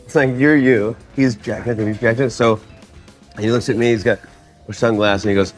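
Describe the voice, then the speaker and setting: A man telling an energetic anecdote as a talk show guest. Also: medium pitch, brisk, soft background music.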